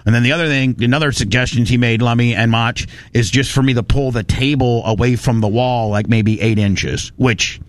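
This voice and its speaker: A man hosting a radio show, telling a story in a fired-up, animated rant and quoting people as he goes. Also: medium pitch, moderate pace, few pauses. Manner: animated, fired-up, quotes people in his retelling. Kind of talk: casual on-air storytelling rant.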